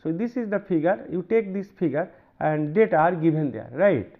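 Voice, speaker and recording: A man with an Indian English accent giving a university lecture, working through examples with many pauses, repeats and "right?" checks. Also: a little high, expressive. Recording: narrow phone-like band.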